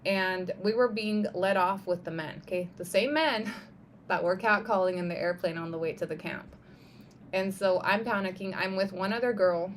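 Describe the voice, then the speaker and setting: A young woman on a live stream telling a personal story in a casual, animated way, with lots of "like" and "right?" and the odd swear word. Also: mid-range voice, moderate pace, slight background noise.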